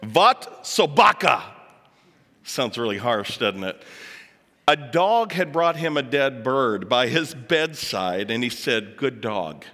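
A man with a bright, forceful voice talks to a live audience, cracking jokes and asking them questions. His words ring out with a long reverb from a large hall around him. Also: medium pitch, expressive, slow. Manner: chatty, joking asides, puts on voices for quotes. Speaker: speaker addressing an audience. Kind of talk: lively talk to a live audience.

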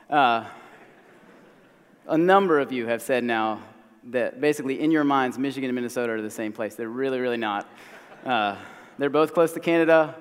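A hoarse man in his thirties with a Southern American accent, preaching a sermon in a conversational, self-deprecating way. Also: mid-range voice, long reverb tail. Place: church sanctuary.

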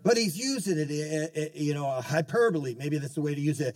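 A man's voice: a little high, animated, a little fast, hardly any pauses, dry recording, distant mic. A man preaching a sermon as pastor, fervent, calling out to the congregation and often restarting his sentences. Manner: fervent preaching with call-outs and many restarts.

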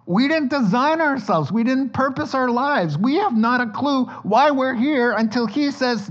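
Animated man preaching a sermon, lo-fi. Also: very high voice, a little slow, hardly any pauses. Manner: lively storytelling, acts out sounds and dialogue. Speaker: pastor.

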